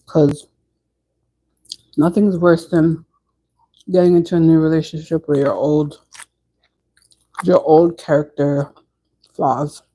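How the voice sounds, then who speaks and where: Chatting with viewers on a laid-back home stream, a woman responds to comments as they come in, keeping things conversational. She speaks low and slowly with frequent pauses, over poor-quality audio.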